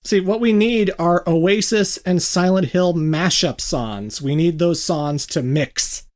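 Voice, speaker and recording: A podcast host in casual gaming chat, jokey and quick to laugh. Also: mid-range voice, darkish tone.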